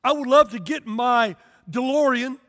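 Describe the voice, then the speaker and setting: A middle-aged man preaching in a church, his voice strikingly high for a man. He tells animated stories, acts out the characters and breaks into sudden shouts. Long reverb trails behind every phrase in the big sanctuary. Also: measured pace. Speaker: pastor. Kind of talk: lively sermon.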